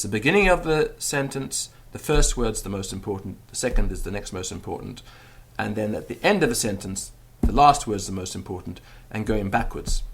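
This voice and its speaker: A man teaching a language lesson, patiently repeating example phrases and explaining grammar step by step. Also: gravelly. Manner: lively rising and falling pitch. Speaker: Latin teacher.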